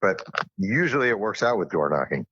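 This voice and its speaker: A man's voice: fairly low pitch, a little fast, lo-fi sound, background noise. A man, a guest author on a podcast, telling stories in a self-deprecating way and acting out what others said. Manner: animated storyteller who acts out quotes, self-deprecating. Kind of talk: casual interview storytelling.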